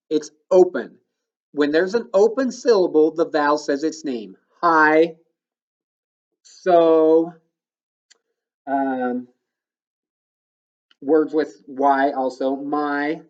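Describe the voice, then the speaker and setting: A male elementary school teacher giving a recorded phonics lesson to children, patiently explaining step by step and sounding words out slowly. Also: fairly high pitch, lo-fi sound.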